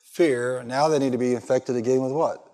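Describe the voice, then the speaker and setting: Man preaching a sermon, mid-pitched voice, punchy call-and-response questions, big church reverb. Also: fairly even intonation, normal speed, mellow. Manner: emphatic, asks the congregation fill-in questions. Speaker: pastor. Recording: long hall reverb.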